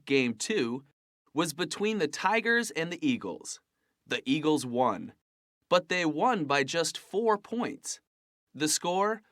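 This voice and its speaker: An actor playing a sports radio host who reads scores slowly and clearly for learners. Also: male voice, fairly high pitch, fairly bright tone, no echo, studio quality, heavily acted. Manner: slow, clear, stressing each score. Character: upbeat male sports radio host, adult. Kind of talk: scripted sports report for a language lesson.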